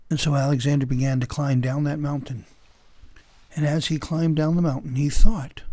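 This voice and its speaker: A man telling a story aloud, with dramatic pauses and sudden drops to whispers and rises to loud emphasis. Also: fairly high pitch, steady tone, dry recording. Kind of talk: oral storytelling.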